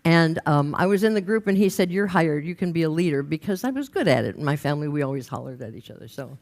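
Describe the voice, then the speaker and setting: An older woman raised in Los Angeles tells a personal story in a wry, conversational manner, acting out the voices she quotes. Her voice sits low with a darkish tone, and she speaks fast and animatedly.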